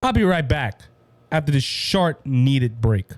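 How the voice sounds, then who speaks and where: A man with a Cajun accent hosting a political commentary show, fired up and preachy, addressing listeners as ladies and gentlemen. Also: mid-range voice, lively intonation, unhurried, background noise. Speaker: talk show host.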